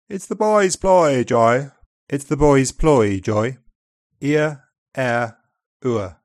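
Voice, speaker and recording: Slow, precise British accent teacher. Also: male voice, mid-range voice, no echo, studio quality. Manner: slow, carefully articulated model phrases. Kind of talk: scripted pronunciation lesson.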